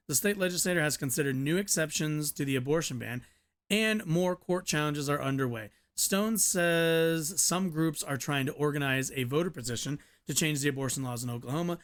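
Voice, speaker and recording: A young man with a slightly high voice, casually reading a news story aloud on stream. He trips over words, repeats himself and drops muttered asides between sentences. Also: fairly bright tone. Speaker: streamer reacting to an article.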